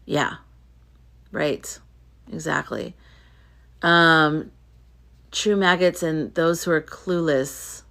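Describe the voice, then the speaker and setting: A tired woman hosting a casual livestream, chatting as she reads viewer comments aloud and reacts to each one. Her voice sits fairly low for a woman, and she talks in a loose, conversational way. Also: steady tone, extremely slow, creaky, long pauses, pushed and bright. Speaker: livestream host reading chat comments. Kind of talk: casual live-stream chat.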